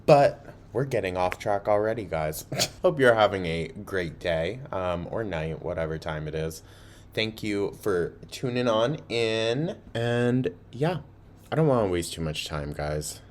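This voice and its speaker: A man's voice: lowish voice, expressive, unhurried. A man hosting a reaction video, talking casually, swearing and laughing often as he comments.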